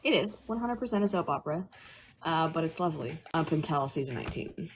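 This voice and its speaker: A woman's voice: low voice, expressive, fast, slight background noise. A woman co-hosting a live stream, chatting casually and playfully. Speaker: co-host. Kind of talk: casual chat.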